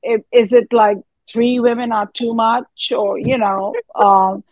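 A woman's voice: on the high side, fairly even intonation, slow, no room sound, highs cut off. A woman in her fifties, an actress being interviewed, who talks earnestly and animatedly, with fillers and trailing thoughts. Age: 50s. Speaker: actress guest. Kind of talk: casual interview chat.

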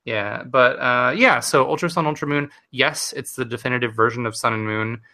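Give me a young man co-hosting a casual podcast chat. His voice is very bright and forward. He rambles animatedly, laughs often and shoots up high when something excites him. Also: normal speed. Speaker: podcast co-host.

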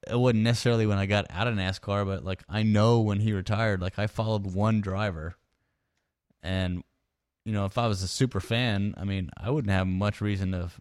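A man with a fairly low voice rambles through casual podcast chat. He hesitates, fills gaps with "like," and restarts his thoughts. The recording is dry and close, with no room echo. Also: fairly even intonation, normal speed, a little mellow, clean tone. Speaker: podcast co-host.

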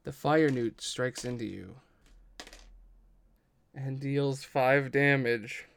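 A man narrating as game master of a tabletop game, measured and deliberate, with the odd swear. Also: mid-range voice, creaky, a bit bright.

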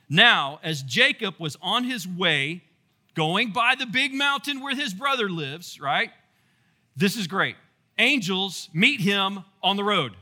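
Animated high-voiced man preaching. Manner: animated, playful storytelling with asides to the audience. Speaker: pastor. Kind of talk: casual Bible teaching sermon.

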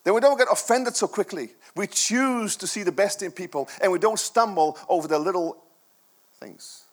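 A man's voice: high-pitched, normal speed. A middle-aged man preaching a sermon to his church, earnest and conversational, with many rhetorical questions. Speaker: pastor.

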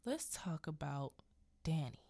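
A woman's voice: deep voice, sing-song, takes it slowly, gravelly, mellow, no room sound, heavily acted. A woman voicing a menacing, unhinged middle-aged husband who taunts in a half-whisper while recapping a film on a podcast.

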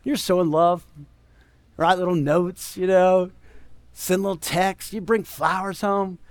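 A man's voice: sits high, fairly even intonation, unhurried, dry recording. A man preaching a sermon as pastor, conversational and emphatic, full of rhetorical questions.

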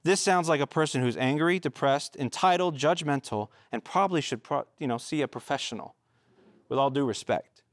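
A man delivers a sermon as a pastor, talking to his listeners in an earnest, conversational way. His voice sits a bit higher than most men's. The recording is close and dry, with no room echo. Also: a little fast.

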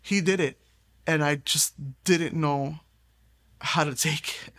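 A woman's voice: sits low, steady tone, takes it slowly, fairly bright tone. Woman, young adult, earnest personal testimony, storytelling, quotes others. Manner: earnest, storytelling, quoting others, brief laughs. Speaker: testimony giver.

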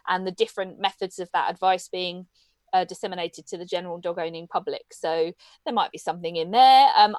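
A woman's voice: mid-range voice, dry recording. A woman co-hosting a book podcast in casual chat, chatty with many ums and easy laughs. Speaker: podcast co-host.

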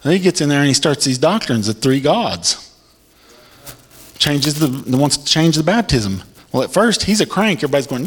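A man preaching a sermon, reading scripture and commenting on it emphatically, his voice climbing high in excitement and now and then breaking into a shout. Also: normal speed, slightly rough. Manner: emphatic, pitch swings high when excited.

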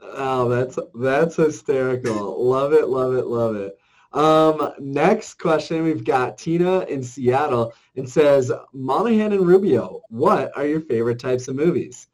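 A man co-hosting a casual chat, upbeat and enthusiastic, reading out listener questions. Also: medium pitch. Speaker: co-host.

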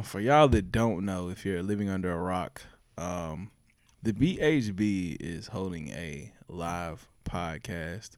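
A young man hosting a podcast in a loose, joking, profane way. His voice sits low, and the recording is completely dry, with no room sound at all. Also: darkish tone, no echo. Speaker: podcast host. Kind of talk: casual podcast chat.

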